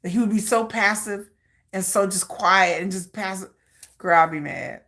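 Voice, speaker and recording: A woman hosts a livestream in loose, rambling chat. Her voice is bright and ringing, at a middle pitch, and she talks with an animated bounce and laughs often. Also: normal speed. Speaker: livestream host.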